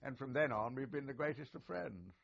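A man's voice: mid-range voice, a little fast, vocal fry, a bit bright. An older man, a retired army officer reminiscing in an oral history interview, chatty and genial with many filler sounds. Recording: dull lo-fi recording.

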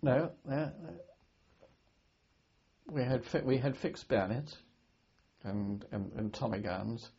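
An older man from Britain, a war veteran, recalling his service in an oral history interview, speaking haltingly with many restarts and repeated words. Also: mid-range voice, mellow, breathy edge. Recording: dull lo-fi archive recording.

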